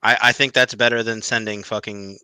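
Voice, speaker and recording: A man's voice: fairly low pitch, fairly even intonation, brisk, pushed and bright, clear, resonant tone, no room sound. A man in a heated casual debate, insistent and mocking, repeating his points. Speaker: podcast co-host.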